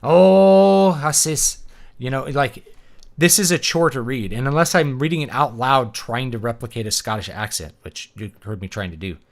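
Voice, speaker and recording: A man who teaches and writes books chats casually as he plays a game, rambling and opinionated with plenty of ums and other fillers. His mid-range voice is brisk and fairly bright.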